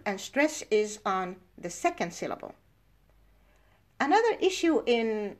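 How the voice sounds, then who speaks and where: A middle-aged woman whose first language is Arabic teaches a university class in a fairly high voice. She talks unhurriedly and explains each point step by step with examples. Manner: explanatory, gives slow worked examples. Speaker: university lecturer. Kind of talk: recorded lecture.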